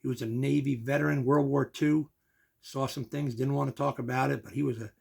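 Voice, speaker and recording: A man's voice: mid-range voice, steady tone, a little fast, creaky, darkish tone, breathy edge. An older man, telling a long personal story and acting out the quoted voices.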